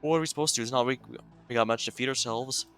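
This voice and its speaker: A man voicing a surly village farmer in a game story, gruff and blustering. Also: mid-range voice, racing, a bit bright, faint music behind, lightly acted. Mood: defensive.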